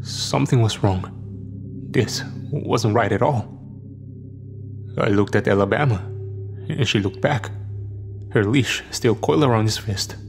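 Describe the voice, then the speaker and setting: A man narrating a scripted horror story in a steady, measured way. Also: lowish voice, vocal fry, faint music behind.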